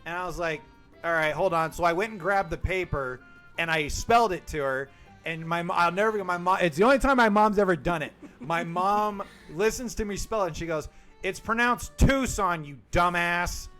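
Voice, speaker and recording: A man in his forties streaming a game, chatting casually and telling jokey, animated stories. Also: high voice, brisk, soft background music. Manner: joking, animated storytelling. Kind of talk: casual chat while gaming.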